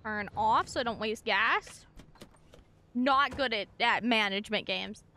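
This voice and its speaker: A young woman streaming a game, giving bubbly, excitable commentary and talking to her chat. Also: a little high, a little slow, a little hiss or hum. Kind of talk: gameplay commentary.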